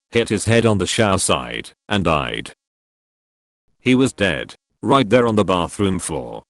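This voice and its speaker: Man, low voice, dry close sound, steady storytelling narration. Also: no room sound. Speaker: narrator reading forum stories. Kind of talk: scripted narration.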